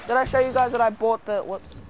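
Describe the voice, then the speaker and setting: A gaming channel host giving live gameplay commentary, excitable, who yelps and pleads whenever danger comes close. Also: medium pitch, fast, very noisy.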